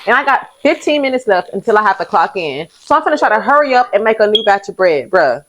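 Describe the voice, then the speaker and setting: A woman's voice: medium pitch, sing-song, quick pace, few pauses, a bit bright, rough recording. Candid chatty woman, vlog host. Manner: candid, chatty, uses southern US vernacular, laughs often. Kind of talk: casual confessional chat.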